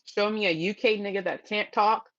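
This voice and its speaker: A woman's voice: mid-range voice, steady tone, moderate pace, a bit bright, highs cut off. A woman guest on a livestream, talking casually in a blunt, profane, slangy way. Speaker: stream guest. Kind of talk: casual chat.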